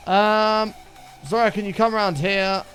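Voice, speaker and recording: A man's voice: sits high, fairly even intonation, a little slow, a bit bright, faint music behind. A man chatting casually on a gaming livestream, joking around and answering chat messages aloud. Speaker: streamer.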